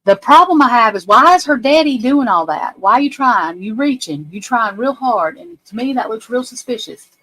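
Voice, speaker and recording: This is a woman talking on a livestream. Her voice sits a little high, and she rants bluntly and swears freely. She keeps hammering questions about a court case at her viewers. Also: expressive, moderate pace, hardly any pauses, pushed and bright, rough recording. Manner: blunt, profane, ranting. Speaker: livestream host. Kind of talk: casual livestream commentary.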